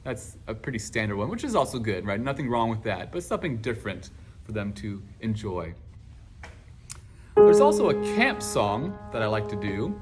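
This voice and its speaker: A man, a choir teacher, explaining warm-up exercises in casual teaching talk, now and then breaking into song. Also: lowish voice, normal speed, music in the background. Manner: animated, bursts into singing and acted class responses.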